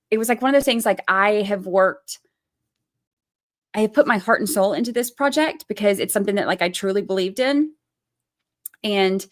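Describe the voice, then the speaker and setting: Stream host, female, 30s, middle pitch; blunt, fired-up casual commentary with cursing and chat replies. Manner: blunt, swears freely, ranting; reads chat names aloud and answers them. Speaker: true crime livestream host.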